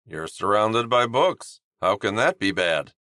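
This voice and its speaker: A man's voice: lowish voice, animated, a little slow, bright, forceful tone, no echo, studio quality. A man voicing a laid-back, wry young male hockey player in an audiobook. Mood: dry. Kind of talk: audiobook character voice.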